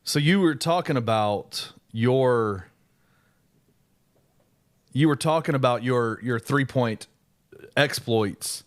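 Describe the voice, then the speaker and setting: A man's voice: mid-range voice, slow pace, long pauses, dry recording, studio quality. A man co-hosting a casual sports chat, teasing with playful mock seriousness. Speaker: co-host.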